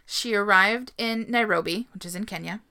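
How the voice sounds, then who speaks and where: Bright-voiced woman telling a story. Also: medium pitch, normal speed, smooth. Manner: chatty, laughs often, swears casually. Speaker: podcast co-host. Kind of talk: casual storytelling chat.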